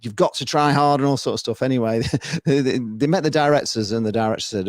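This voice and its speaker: A man appearing as a podcast guest, talking football in a rambling, animated way and laughing often. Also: medium pitch, fast, dry recording, clean studio sound. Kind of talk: casual football chat.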